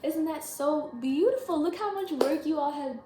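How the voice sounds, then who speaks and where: Woman, tarot reader, higher voice, rambling chatty delivery, echoey room, faint hiss. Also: normal speed, hardly any pauses. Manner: chatty, rambling, full of "like" and "y'all". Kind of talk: casual spiritual reading to camera. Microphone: camera mic.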